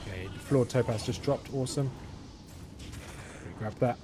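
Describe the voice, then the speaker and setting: Over a constant hum of background noise, a young game streamer talks through his play at normal speed in a mid-range voice. He chats as he thinks, often saying um and starting his sentences over.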